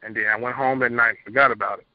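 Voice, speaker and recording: A man's voice: mid-range voice, steady tone, rapid-fire, no room sound. A young man calling in to a show, earnestly telling his story in a plain, rambling way over a phone line. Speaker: caller. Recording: muffled phone-line audio.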